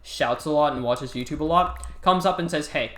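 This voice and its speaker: A man's voice: a little high, normal speed, a bit bright, slight background noise. A teenage boy, a student, ranting in an exasperated, sarcastic way while telling a story over gameplay. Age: teens. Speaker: student gamer. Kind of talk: casual rant over gameplay. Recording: echoey room, faint music.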